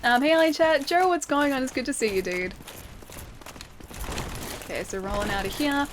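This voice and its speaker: Australian woman game streamer, chatty and quick to laugh, on a noisy recording. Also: high-pitched. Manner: chatty, laughs often, thanks viewers while playing. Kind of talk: live gameplay commentary. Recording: steady background noise.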